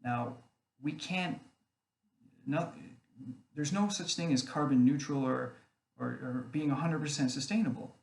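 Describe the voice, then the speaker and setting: A man's voice: a little high, measured pace, vocal fry, pauses often, darkish tone. A man rambling casually to camera, often checking in with "okay?" as he goes. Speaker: online group admin. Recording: echoey room, faint background noise.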